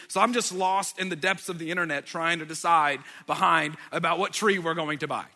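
A man in his thirties, a pastor, telling a personal story in a sermon with animated delivery and loud exasperated outbursts. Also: high voice, a little fast, few pauses. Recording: reverberant hall sound.

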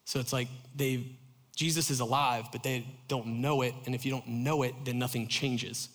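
A man preaching a sermon, telling stories in an animated, chatty way full of fillers. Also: mid-range voice, normal speed. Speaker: pastor. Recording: long hall reverb.

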